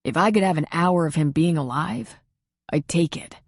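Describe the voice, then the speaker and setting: A woman voicing a gentle man who speaks quietly and soothingly to a grieving friend. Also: low voice, normal speed, vocal fry, no room sound, clean studio sound.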